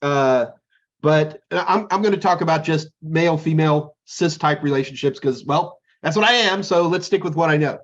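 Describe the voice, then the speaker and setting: A man's voice: fairly high pitch, moderate pace, highs cut off. A man co-hosting a podcast in casual chat, telling jokey, rambling stories. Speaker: podcast co-host.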